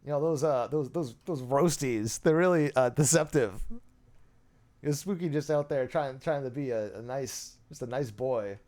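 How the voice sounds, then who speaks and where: A man's voice: medium pitch, normal speed, a little mellow. A man hosting, reading messages aloud with dry, sarcastic, mock-serious commentary. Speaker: host.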